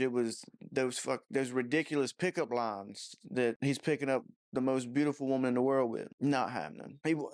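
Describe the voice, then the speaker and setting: A man ranting in a loose, casual movie review. He swears freely, mocks what he describes and trails off into fillers mid-thought. His pitch sits at an ordinary middle. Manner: profane, mocking, rambling with many fillers.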